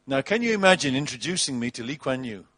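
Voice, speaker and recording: A man preaching a sermon, animated and mocking, with big swings between loud and soft. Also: medium pitch, fast talker. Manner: animated, mocking with put-on voices, wide swings in loudness. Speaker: pastor.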